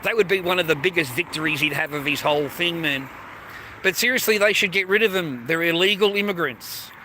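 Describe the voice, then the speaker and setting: A man's voice: fairly high pitch, brisk, sharp tone, low-quality recording. An Australian man rambling crudely on a livestream from a train station, swearing constantly and greeting viewers by name. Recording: faint street noise.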